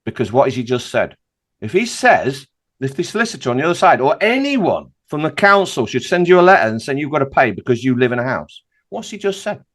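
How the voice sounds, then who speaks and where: Emphatic man, lively pitch. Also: a little fast. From United Kingdom. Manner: emphatic and insistent, preaching with rhetorical questions. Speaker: podcast guest. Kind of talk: animated podcast conversation.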